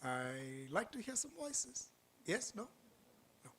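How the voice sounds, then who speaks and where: A man giving a lively motivational orientation talk in an auditorium, quizzing the audience and telling stories. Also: sits high, slow, slight background noise. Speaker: orientation speaker.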